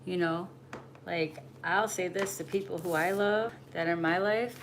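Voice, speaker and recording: A woman's voice: fairly low pitch, steady tone, moderate pace. A woman giving a spiritual message in a casual livestream, blunt and preachy, swearing freely. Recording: noisy home recording.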